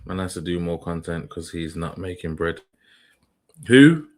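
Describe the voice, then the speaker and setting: A man's voice: sits low, level tone, normal speed. A man hosting a livestream, reacting in casual commentary and musing aloud with questions to his viewers. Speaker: livestream host.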